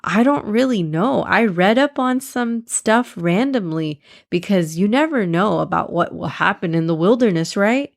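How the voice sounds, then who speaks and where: A woman's voice: medium pitch, expressive, normal speed, vocal fry, few pauses. A woman voicing an anxious but earnest young boy in a children's storybook. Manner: earnest, urgent when yelling.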